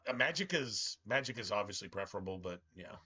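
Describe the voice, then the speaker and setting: Bright-voiced, rambling middle-aged male streamer. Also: fairly low pitch, animated, fairly quick, husky, muffled recording. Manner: rambling, profane, opinionated. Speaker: game streamer. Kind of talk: casual live-stream chat while gaming.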